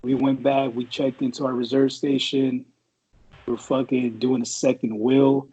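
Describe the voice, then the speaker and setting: Brief: husky-voiced Marine vet in his forties, co-hosting a podcast, rambling and profane. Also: medium pitch, flat delivery, unhurried, warm tone, dull audio. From San Francisco Bay Area. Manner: profane and rambling, full of fillers and restarts. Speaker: podcast co-host, Marine veteran. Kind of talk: casual storytelling chat.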